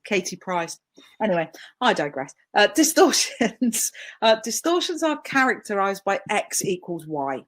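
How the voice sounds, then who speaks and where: A woman's voice: mid-range voice, sing-song, measured pace. A woman with a British accent giving a live webinar training talk over a video call, chatty, self-deprecating and emphatic. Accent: British English.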